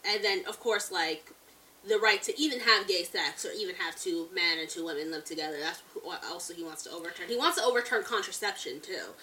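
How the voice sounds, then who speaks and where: Young woman, podcast co-host, casual chat, laughs a lot, bright tense voice, a bit far from the mic. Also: lowish voice, fairly quick, slight background noise. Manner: animated, laughs often, heavy use of "like".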